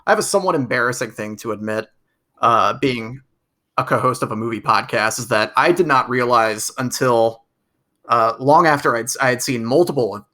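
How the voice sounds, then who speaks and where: A man's voice: medium pitch, normal speed, pushed and bright. A man co-hosting a movie podcast, chatting casually and rambling with many restarts. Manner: rambling, restarts with stacked repeats. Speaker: podcast co-host. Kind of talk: casual chat.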